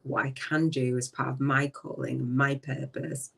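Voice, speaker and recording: A middle-aged woman hosts a live spiritual talk in a slow, reflective way. Her phrases trail off and she keeps an even, almost flat tone. She sounds set back from the mic. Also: a bass voice, vocal fry, slightly rough. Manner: reflective, slow and unhurried, trailing off, often dropping soft. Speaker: podcast host. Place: a relative's home. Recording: voice distant from the mic.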